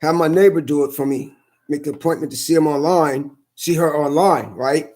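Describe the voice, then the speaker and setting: A man with a fairly high voice delivers a heated monologue straight to his camera. He curses constantly and circles back over the same points as he vents. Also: fairly even intonation, normal speed, a little mellow. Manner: heated, profane, repetitive venting. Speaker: vlogger. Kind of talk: angry ranting monologue.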